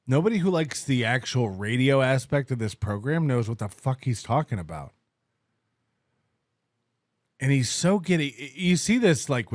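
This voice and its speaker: A man's voice: medium pitch, no echo, clean studio sound. A man co-hosting a podcast, talking in a sarcastic, mocking way and laughing often. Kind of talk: casual podcast commentary.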